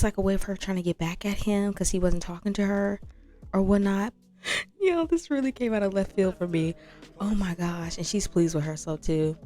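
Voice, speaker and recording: A woman hosting a game channel, chatting in an animated, slangy way and calling her viewers "y'all". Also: mid-range voice. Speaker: gaming channel host. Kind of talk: casual let's-play commentary. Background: faint background music.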